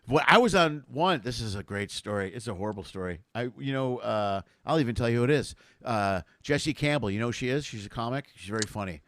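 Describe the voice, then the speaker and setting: A man's voice: mid-range voice, fast talker, hardly any pauses, dry recording. A man hosting a casual comedy chat, telling stories with lots of quoted voices. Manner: storytelling, animated quoted voices, laughing. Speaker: comedy show host.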